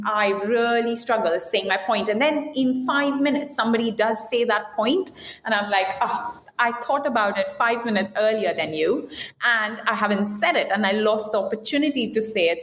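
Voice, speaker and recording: Woman executive guest, direct and animated, recorded with room echo. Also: mid-range voice. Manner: direct, animated, quoting herself and others. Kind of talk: podcast interview. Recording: echoey room.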